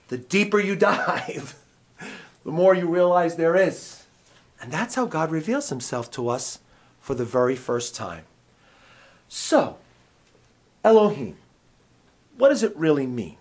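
Animated male preacher teaching. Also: medium pitch. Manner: animated, conversational, asks the audience questions. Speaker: pastor teaching a Bible class. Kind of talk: teaching sermon.

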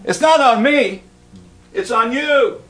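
A man's voice: very high voice, takes it slowly, a bit bright. A man preaching a sermon in a church, talking in a conversational way and asking the congregation questions.

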